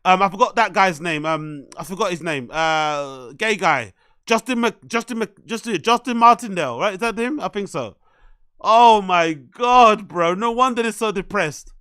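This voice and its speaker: A man hosting a live reaction stream, excitable and swearing often as he laughs along. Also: sits high, normal speed, clean tone, no room sound, clean studio sound. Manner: excitable, swears heavily, laughs at own remarks. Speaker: streamer host.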